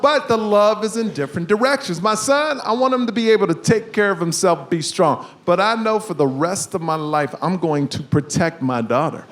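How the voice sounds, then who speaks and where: A man in his thirties doing a stand-up comedy set on a club stage, with animated, punchy delivery and shouted punchlines. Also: sits high, moderate pace, few pauses. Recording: echoey room with background noise.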